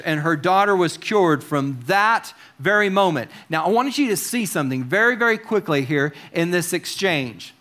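A man's voice: high voice, animated, moderate pace, hardly any pauses, fairly bright tone. A man preaching a conversational sermon in a church service, asking his congregation questions and dropping wry asides.

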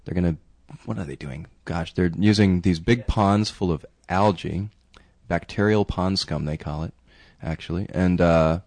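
A man's voice: low-pitched, a little slow, darkish tone, no echo. A man co-hosting a casual radio show, reading news stories with many fillers and restarts and joking with his co-hosts. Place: radio studio.

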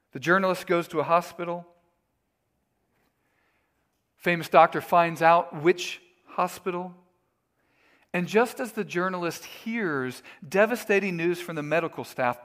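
A man's voice: on the high side, fairly bright tone. A male pastor preaching a sermon in an earnest, emphatic, storytelling way.

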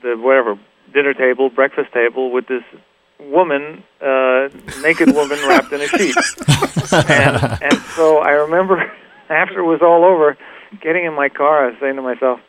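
A middle-aged man, a guitarist guest in a radio interview, telling stories in a relaxed, rambling way with many fillers and restarts. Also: on the high side, moderate pace, poor audio. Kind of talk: casual interview storytelling.

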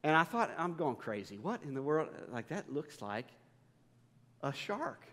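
Animated preacher man, echoing hall. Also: a little high, a little slow. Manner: storytelling with humor, animated and self-deprecating. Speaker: pastor. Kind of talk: sermon.

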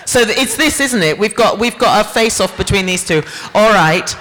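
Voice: mid-range voice, lively intonation, normal speed, a bit bright. A convention panel host running audience games on stage with a handheld mic, playful and laughing as they call out to the crowd. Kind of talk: lively stage hosting with an audience. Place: large convention hall stage. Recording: echoey hall with a live crowd and faint noise.

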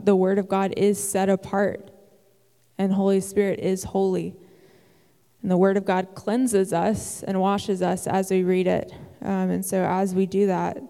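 A woman preaches with earnest encouragement in a warm, smooth voice. The sermon carries a long reverb from a large hall. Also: mid-range voice. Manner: earnest, encouraging, with occasional "um" fillers. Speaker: church speaker. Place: church sanctuary.

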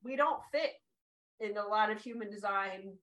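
An excitable woman who chatters happily on a podcast, her enthusiasm spilling into every sentence. Her voice is bright and sharp, at a middling pitch for a woman. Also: normal speed, poor audio. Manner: bubbly, excitable, talkative; tears up when excited. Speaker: podcast host. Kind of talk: casual podcast chat.

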